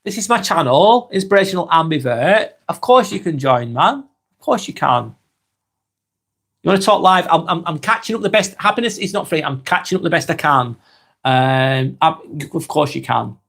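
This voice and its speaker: A man in his forties with an East Lancashire accent, hosting a live stream and reading out viewer comments in a slow, halting way with many ums. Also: on the high side, expressive, creaky, fairly bright tone. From England. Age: 40s.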